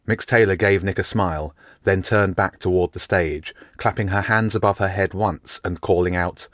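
A male narrator reading a storybook aloud, even and measured. His voice sits low, and the recording is close and dry. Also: no room sound. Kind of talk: audiobook narration.

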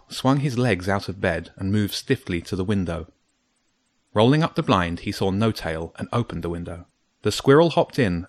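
Male storybook narrator, lower voice, dry close sound, measured and steady. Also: no room sound.

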